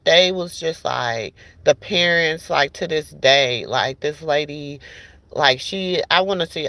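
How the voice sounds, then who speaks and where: A woman with a gravelly, fry-laced voice hosts a talk show. She tells stories in a loose, chatty way, restarting sentences and calling her listeners "baby" and "y'all.". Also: rumbling low, fairly bright tone, no echo. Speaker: podcast host. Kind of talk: casual storytelling chat.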